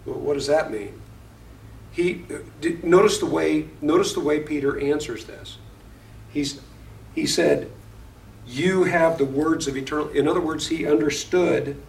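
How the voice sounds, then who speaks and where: A man's voice: a little high, unhurried, gravelly, darkish tone, slight background noise. A man teaching a Bible study class, reading verses aloud, explaining them and putting questions to the class. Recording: echoey room, voice far from the mic.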